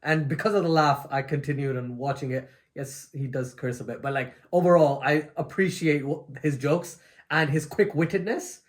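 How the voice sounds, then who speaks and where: A man's voice: on the high side, normal speed. A man who is the guest co-host of a reaction video, chatting enthusiastically with lots of energy and frequent laughs. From England. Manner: enthusiastic, animated, laughs often. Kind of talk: casual reaction chat.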